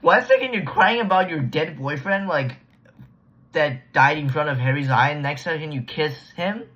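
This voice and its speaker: A man's voice: a little high, lively intonation, normal speed, a bit bright. Rambling slangy guy recapping a book. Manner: slangy, restarts often, trails off. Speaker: book reviewer. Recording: dull lo-fi recording.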